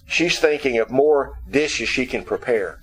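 A man's voice: medium pitch, animated, a little slow, fairly bright tone, breathy edge, rough recording. A man preaching a sermon who explains scripture through humorous storytelling.

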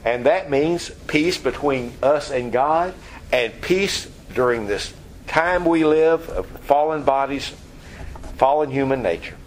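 A man preaching an expository Bible lesson, explaining word meanings and acting out scenes with lively energy. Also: mid-range voice, slow pace, a little hiss or hum, poor audio. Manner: animated, acts out scenes. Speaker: pastor.

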